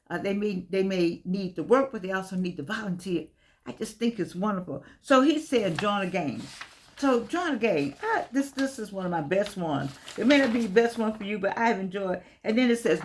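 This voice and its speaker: Older woman, home vlog, rambling and repeating herself, affectionate "baby" asides, mid pitch. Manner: chatty, repeats phrases, calls listeners "baby". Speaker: vlogger. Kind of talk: casual talk to camera.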